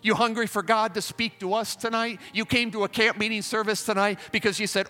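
A man delivers a revival camp meeting sermon in a high, bright voice. He preaches fervently, pleading and repeating his appeals, with faint music playing behind him. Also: flat delivery, fairly quick, few pauses, long reverb tail. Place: large tabernacle.

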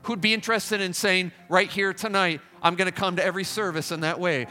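A man's voice: high voice, fairly even intonation, a little fast, pushed and bright, big-room sound, soft background music. A man preaching a revival sermon at a camp meeting, fervent and pleading, repeating his appeals. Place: large tabernacle.

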